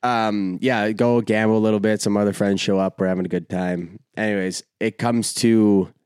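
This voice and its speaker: A young man hosting a podcast, telling a rambling, profane, animated story in casual chat. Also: on the low side, normal speed, clean tone, no echo, clean studio sound. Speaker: podcast host.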